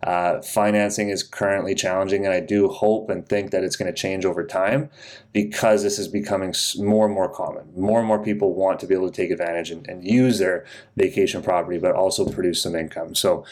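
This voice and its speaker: A man with a low voice explains mortgage lending on a casual podcast. His delivery is measured and matter-of-fact, steady rather than showy. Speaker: podcast co-host, mortgage broker.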